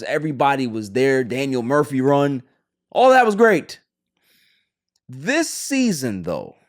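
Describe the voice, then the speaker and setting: A man hosting a sports podcast, talking casually and rambling, with frequent restarts and fillers. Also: mid-range voice. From Queens, New York.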